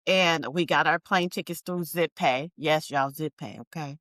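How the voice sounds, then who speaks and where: A woman with a fairly low voice tells her own story as an interview guest. She talks in an animated, emphatic way and speaks straight to the listeners. The sound is dry and close. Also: normal speed, few pauses, dry recording. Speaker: entrepreneur guest.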